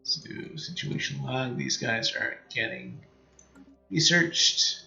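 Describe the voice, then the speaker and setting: A man's voice: mid-range voice, huge pitch swings, slow pace, gravelly, sharp tone, echoey room, muffled recording. A man with a Canadian accent commentating on his strategy game in a casual, rambling way, full of fillers and half-finished thoughts. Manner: thinks aloud, many fillers and trailing-off sentences. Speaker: let's play streamer.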